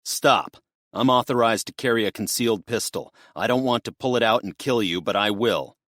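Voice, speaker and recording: A man's voice: on the low side, normal speed, fairly bright tone, no room sound, clean studio sound, voice pushed up. A man voicing a middle-aged ex-Marine truck driver who speaks in a clipped, firm military command voice.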